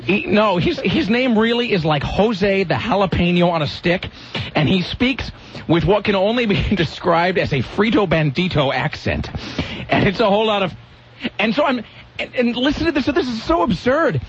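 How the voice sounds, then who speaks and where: A man's voice: sits high, very animated, normal speed, slight background noise. A man hosting a radio show, telling a rambling story in casual on-air banter and often cutting himself off. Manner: rambling, self-interrupting storytelling. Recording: lo-fi radio broadcast sound.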